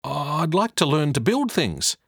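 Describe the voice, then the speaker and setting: A man's voice: fairly high pitch, sing-song, a little slow, vocal fry, fairly bright tone, slightly rough, no echo, pitched above the performer's own voice, full character voice. An eager young boy with a raised, boyish voice that climbs and dips, as a male narrator puts him on. He speaks in a dry recording with no room sound. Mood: anxious.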